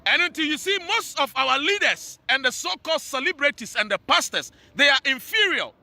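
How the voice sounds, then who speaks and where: A man's voice: very high-pitched, sing-song, fairly quick, vocal fry, sharp tone, no echo. A man with a Ghanaian accent delivering a heated monologue rant, scolding and repeating his phrases for emphasis. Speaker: social commentator.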